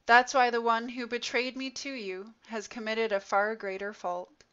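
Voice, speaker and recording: A woman reading the words of a calm, grave man speaking with authority, slow and solemn. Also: a little high, smooth, lightly acted. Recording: dull lo-fi recording.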